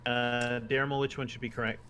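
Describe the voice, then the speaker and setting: A man running a tabletop game as game master, relaxed and halting with plenty of fillers. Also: mid-range voice, slight background noise.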